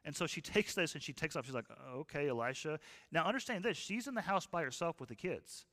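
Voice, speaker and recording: A man preaching a sermon as a pastor, telling stories in an animated, folksy way. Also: fairly high pitch, quick pace, long reverb tail.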